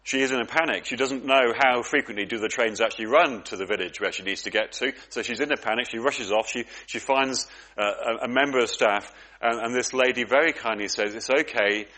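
A man's voice: medium pitch, a little fast, hardly any pauses, sharp tone. Earnest man preaching a sermon. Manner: earnest, reflective, with frequent repeated words.

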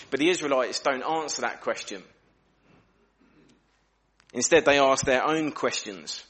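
A man preaching an evening church sermon, acting out questions in lively voices. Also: mid-range voice, measured pace, pauses often.

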